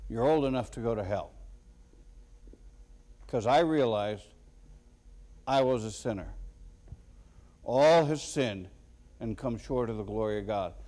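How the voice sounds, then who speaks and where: A man preaching a sermon as a pastor, slow and deliberate with sudden loud emphatic bursts. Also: medium pitch.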